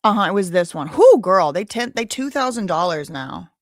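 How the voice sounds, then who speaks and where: A woman in her thirties with a lowish, sing-song voice at normal speed hosts a livestream, recorded dry with clean studio sound through a desk microphone with headphones. She chats casually with viewers, rambling with many fillers.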